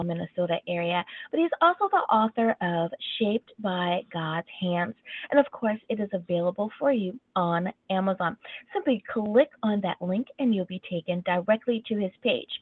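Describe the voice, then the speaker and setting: A woman hosting an interview show, reading breaks and promos in a steady, measured way. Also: medium pitch, dry recording. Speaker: talk show host. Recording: tinny phone line, dry.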